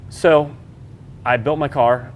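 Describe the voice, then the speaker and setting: A man's voice: medium pitch, fairly even intonation, slow, slight background noise. A man, an off-road racer, telling his story in a loose, chatty way during an interview. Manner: loose and chatty, many fillers, acts out quoted dialogue.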